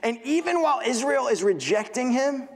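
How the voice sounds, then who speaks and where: A young man preaching a sermon as pastor, talking conversationally with frequent "right?" asides and dropping low and slow to stress a point. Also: big pitch swings. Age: young adult. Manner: pitch drops low and slow for emphasis. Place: church sanctuary. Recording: long hall reverb.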